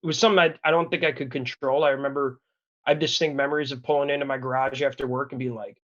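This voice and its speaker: A man's voice: medium pitch, flat delivery, fast, fairly bright tone, highs cut off. A man in his thirties from Wisconsin, telling a personal story as a podcast guest in a candid, earnest, rambling way with many restarts. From Wisconsin, USA. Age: 30s.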